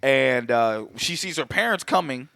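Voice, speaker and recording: A man talking casually on a podcast, tossing out swear words and laughs as he recaps a story. His voice sits at an ordinary middle pitch. It sounds close and dry, with no room around it. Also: lively intonation, measured pace, gravelly, sharp tone, smooth, no room sound. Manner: loose, profane, laughing recaps. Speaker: podcast co-host. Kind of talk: casual chat.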